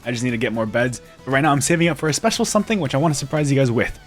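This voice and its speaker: A man's voice: medium pitch, expressive, very fast, soft background music. Playful man narrating his game build. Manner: playful, self-mocking, giggly asides. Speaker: gaming video creator. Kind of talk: casual game commentary.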